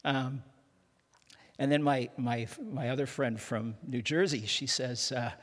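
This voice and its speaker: A man's voice: mid-range voice, fairly even intonation, measured pace, a bit bright. An older man from Canada, a guest pastor giving a humorous sermon, joking at his own expense and often restarting his sentences. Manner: self-deprecating, joking, with frequent restarts. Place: large church hall. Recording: long hall reverb.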